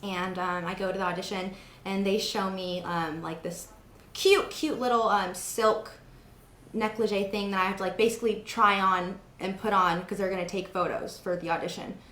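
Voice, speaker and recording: A woman's voice: medium pitch, steady tone, moderate pace, a bit bright, echoey room. A young woman hosting an interview, chatting casually and telling stories with lots of fillers. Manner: chatty storytelling with many fillers. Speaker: host.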